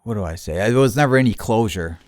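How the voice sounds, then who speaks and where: Low-voiced man telling a profane story. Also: fast. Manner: profane, animated retelling with quoted voices, turning quiet and somber. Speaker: podcast host. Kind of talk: casual storytelling.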